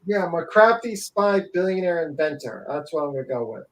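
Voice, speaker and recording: A man's voice: on the high side, lively intonation, brisk. A man hosting a livestream panel, ranting sarcastically with a lot of profanity. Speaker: panel host. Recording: roomy echo.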